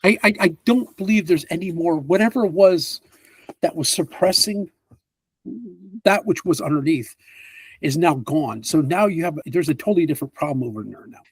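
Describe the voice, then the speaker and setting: Man playing a cautious kindly priest npc, a bit husky, halting speech, dry close sound. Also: on the high side, dry recording. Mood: warning. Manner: hesitant, halting with fillers. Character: weary male priest healer, kindly and cautious.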